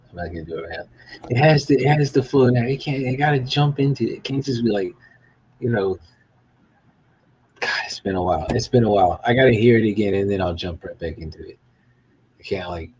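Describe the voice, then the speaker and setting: A man's voice: fairly low pitch, a little mellow, husky, dull audio. A middle-aged man, a guitar maker, rambling casually and profanely to himself in a behind-the-scenes vlog.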